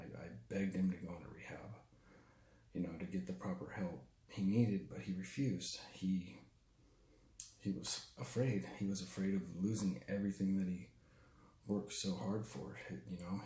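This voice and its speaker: A man with a low, dark, mellow voice recounts a hard personal story, halting and raw, with restarts and curses. He sounds young, and the room around him is echoey. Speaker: storyteller recounting his father's death. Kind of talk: personal spoken testimony.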